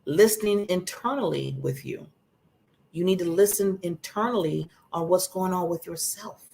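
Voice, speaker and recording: A woman's voice: lowish voice, normal speed, creaky, darkish tone, slight background noise. Emphatic woman giving motivational advice. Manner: earnest and emphatic, repeats phrases for emphasis. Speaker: guest speaker giving advice. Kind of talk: motivational talk show advice. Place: broadcast studio.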